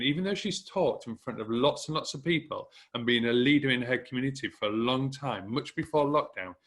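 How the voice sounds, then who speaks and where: A man from northern England with a Hull accent speaks at medium pitch with a slightly bright tone. He gives a direct, encouraging motivational talk to business owners, using emphatic repetition.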